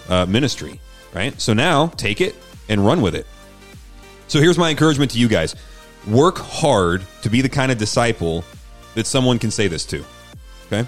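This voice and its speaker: A man's voice: on the low side, expressive, normal speed, soft background music. A man who is a pastor, talking casually and earnestly on a teaching podcast, encouraging listeners with lots of conversational fillers.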